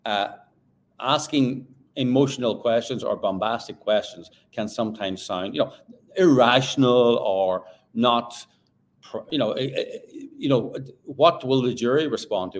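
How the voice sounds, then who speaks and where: A man, a journalist guest on a remote call, talking through a trial in an animated, halting way full of fillers and restarts. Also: medium pitch. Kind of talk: casual discussion.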